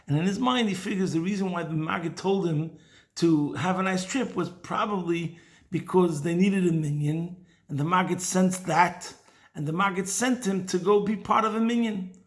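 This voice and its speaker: A man giving a weekly Torah talk, telling a Chassidic story in a lively way and dropping in Hebrew and Yiddish words. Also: high voice. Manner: animated storyteller mixing in Hebrew and Yiddish terms. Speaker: teacher of Chassidic thought.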